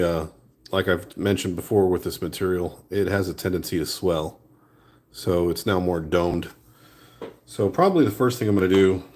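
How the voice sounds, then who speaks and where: A man with a lowish voice talks through his sculpting work in a casual vlog. His delivery is relaxed and meandering, with the offhand flow of someone busy with his hands. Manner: relaxed, rambling talk while working with hands. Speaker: art vlogger. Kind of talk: casual chat while sculpting. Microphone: new phone.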